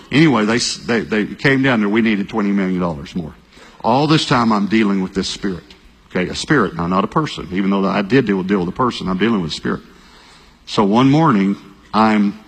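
A male pastor, telling a story in a sermon, talking fast and repeating himself, at times breaking into shouts. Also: fairly low pitch, husky. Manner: animated storytelling, bursts of shouting and quick repeated phrases. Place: large church hall. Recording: long reverb of a large hall.

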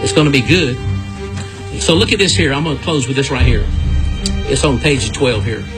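A man's voice: medium pitch, expressive, normal speed, music in the background. A man preaching a radio sermon, folksy and earnest, with rhetorical questions.

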